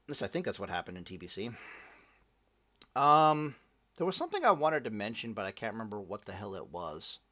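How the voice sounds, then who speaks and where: Profane rambling gaming podcast host. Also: male voice, fairly low pitch, very animated, brisk, sharp tone. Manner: profane, rambling, lots of restarts. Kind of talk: casual gaming podcast chat.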